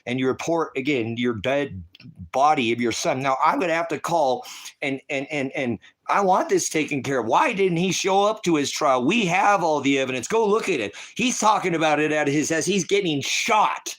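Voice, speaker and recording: A tearful preacher pours out an impassioned prayer, his voice sitting a little high for a man. He pleads and presses with question after question, raw and distraught. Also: expressive, normal speed, fairly bright tone. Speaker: ministry preacher. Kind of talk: emotional spoken prayer to a congregation.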